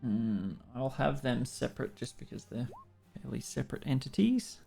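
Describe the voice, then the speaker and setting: An Australian man running a tabletop game as dungeon master, unhurried and fumbling with the software between rulings. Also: medium pitch, very animated, gravelly, faint music behind.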